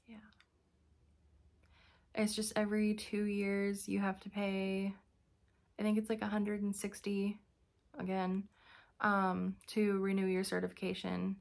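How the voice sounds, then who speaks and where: A woman's voice: medium pitch, monotone, slow, gravelly, long pauses. A young woman giving a casual vlog update, telling a story in a chatty, exasperated way with sighs and fillers. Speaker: vlogger.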